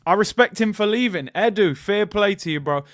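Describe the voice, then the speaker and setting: A man's voice: high-pitched, normal speed, no room sound, clean studio sound. A young man from hosting a football channel, chatting casually with jokey banter and slang. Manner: animated, jokey, slangy banter with put-on voices. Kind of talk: casual live-stream chat.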